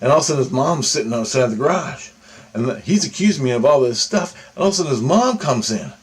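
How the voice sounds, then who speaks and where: A man's voice: medium pitch, expressive, fast, breathy edge. A young man in a casual monologue, recounting a dream with heavy cursing, rambling on and checking in with "right?" and "okay?". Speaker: vlogger.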